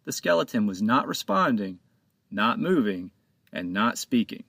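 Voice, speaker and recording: A man narrating his own children's pirate storybook in a lively, expressive reading, close to the mic. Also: on the low side, measured pace, gravelly, dry recording. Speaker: author and narrator.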